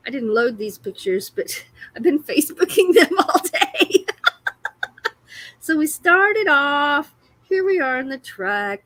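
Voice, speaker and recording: A woman's voice: mid-range voice, a bit bright. A woman hosting a casual livestream, chatty and often breaking into laughter. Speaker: livestream host.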